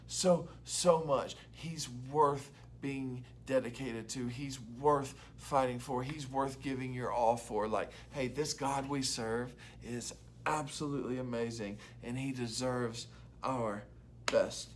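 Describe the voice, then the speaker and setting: A young man preaching an earnest, conversational devotional sermon to students, slipping into quick acted-out voices. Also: medium pitch, a little hiss or hum. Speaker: youth pastor.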